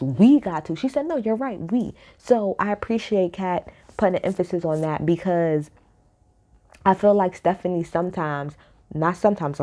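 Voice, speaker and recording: A woman talks through a reality show episode, blunt and opinionated, cursing easily. Her voice sits a little low and has a mellow, relaxed tone. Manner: blunt, animated, swears freely. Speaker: reality TV recap host. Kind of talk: casual opinionated recap.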